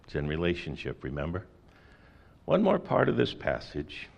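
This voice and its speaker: A man's voice: low voice, huge pitch swings, normal speed, gravelly. A middle-aged man preaching a sermon in a conversational way, with folksy asides and rhetorical questions. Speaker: pastor.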